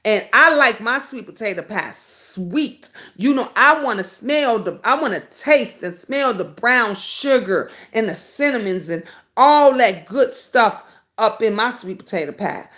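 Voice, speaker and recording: A middle-aged woman hosts a relaxed, unhurried livestream, chatting with viewers by name. Every so often she breaks into high, excited bursts.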